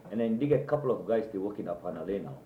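A man's voice: lowish voice, lively intonation, very fast. A man with a Hawaiian Pidgin accent, telling stories in casual chat and rambling with constant "you know" and "eh?" tags. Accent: Hawaiian Pidgin English. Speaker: local man chatting with friends. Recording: tinny, echoey, faintly noisy tape.

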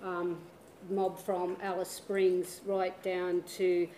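A woman from the South Coast of New South Wales giving a conference talk, unhurried, with many fillers. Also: on the low side, completely flat delivery, dark tone, a little hiss or hum. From South Coast of New South Wales, Australia. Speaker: conference presenter. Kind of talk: presentation talk. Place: lecture hall. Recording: echoey hall ambience.

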